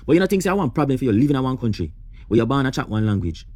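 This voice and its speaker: Jamaican man, rapid passionate rant, dry close sound. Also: mid-range voice, very animated, a little mellow, no room sound. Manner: passionate, rhetorical, repeats questions. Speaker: reaction host. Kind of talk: opinionated commentary.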